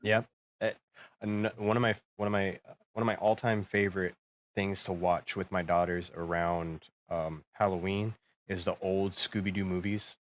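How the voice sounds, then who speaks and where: A man with a fairly low voice co-hosts a podcast, talking in a relaxed, chatty way. He reminisces fondly, at an easy, conversational pace. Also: moderate pace. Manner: nostalgic, chatty. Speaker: podcast co-host. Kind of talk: casual chat.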